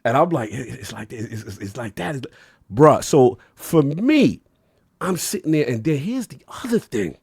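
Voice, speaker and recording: Animated slangy man on a gaming podcast. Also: moderate pace, husky, no room sound, studio quality. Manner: animated, slangy, acts out quotes with big pitch jumps. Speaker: podcast co-host. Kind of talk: casual gaming podcast chat.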